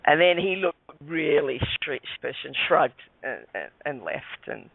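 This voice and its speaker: A man's voice: on the high side, sing-song, measured pace, gravelly, no room sound. Male guest, hesitant storyteller, tinny dry Skype audio. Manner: hesitant, restarts often, says mate. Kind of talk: storytelling on a radio call-in. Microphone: Skype call.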